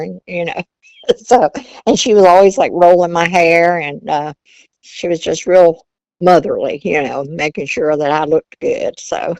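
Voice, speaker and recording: A woman's voice: on the low side, a little slow, creaky, darkish tone, no room sound, muffled recording. An older woman from Virginia, a grandmother, telling stories about her childhood in a chatty way, laughing often and using Southern turns of phrase. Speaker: interview guest, grandmother. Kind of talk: casual storytelling.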